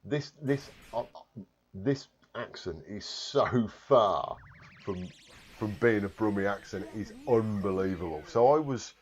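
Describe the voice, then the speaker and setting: Speaking unhurriedly in a lowish register, a Warwickshire man rambles through a casual live stream, reading out viewer comments. He jokes at his own expense and swears freely, with a little background noise in the clip.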